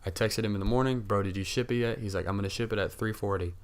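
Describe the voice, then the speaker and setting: A man's voice: on the low side, fast, slight background noise. Heated young man telling a story. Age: young adult. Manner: animated storytelling, heavy cussing, acts out others' lines. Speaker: podcast co-host. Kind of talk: casual chat.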